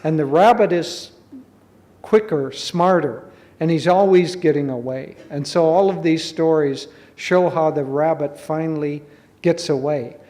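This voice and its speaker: Guy teaching spirituality, calm gentle explainer, kinda high voice. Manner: slow, measured, gently explaining. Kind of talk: spiritual talk with storytelling. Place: college hall.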